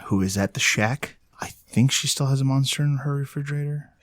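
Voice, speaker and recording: A man's voice: mid-range voice, brisk. A man running a tabletop game session as storyteller, laughing often and joking with his players around a table. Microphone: table mic.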